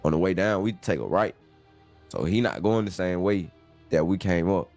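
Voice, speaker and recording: Deep gravelly man telling a slangy story. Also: moderate pace, soft background music. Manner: animated slangy storytelling with voiced quotes. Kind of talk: casual storytelling.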